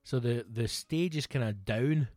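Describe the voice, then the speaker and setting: A man's voice: mid-range voice, a little slow, a little mellow, no room sound. Scottish man, 30s, casual sweary chat, rambling anecdotes, dry recording. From Scotland. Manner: swears freely, rambling anecdotes with quoted voices. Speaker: podcast co-host.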